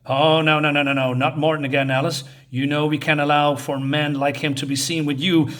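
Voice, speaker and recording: A man's voice: fairly high pitch, flat delivery, a little fast, fairly bright tone, lightly acted. A man reading aloud the lines of a stern father who is worried about the family's reputation, in a firm way.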